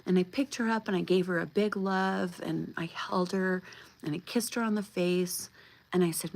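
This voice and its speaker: A woman in her fifties with a low, creaky voice and fairly even intonation speaks at a moderate pace on a low-quality recording. Hosting a livestream, she delivers an impassioned monologue, blunt and emphatic, swearing freely.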